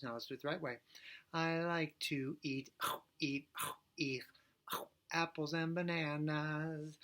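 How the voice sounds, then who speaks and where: A male preschool teacher talking gently and playfully to young children, singing a silly song and reading a picture book aloud. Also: fairly high pitch, fairly even intonation, takes it slowly. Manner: gentle, playful, talks directly to young kids.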